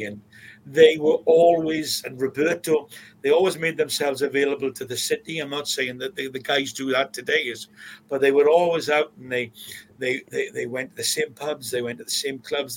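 A Welsh man in his sixties, a stadium announcer, telling stories in an interview with animated anecdotes and frequent restarts. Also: medium pitch, creaky, a little hiss or hum, low-quality recording. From Swansea, Wales. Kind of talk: casual storytelling interview.

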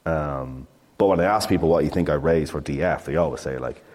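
A man's voice: rumbling low, a little fast, a little mellow, big-room sound. A man in his thirties, a startup founder telling his story in a casual, rambling interview chat full of swearing.

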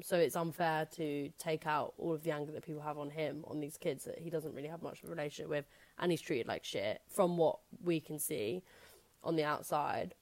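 A woman's voice: sits low, a little mellow, dry recording. A woman co-hosting a podcast, talking frankly and chattily in a casual conversation. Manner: frank and outspoken, chatty with many "like"s. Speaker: podcast co-host. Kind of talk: casual chat.

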